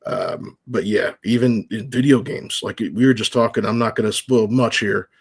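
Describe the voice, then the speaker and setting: A man's voice: fairly low pitch, moderate pace, gravelly, breathy edge. A man as a guest in a casual chat, talking in an easygoing, rambling way with many fillers. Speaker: guest, horror recap creator.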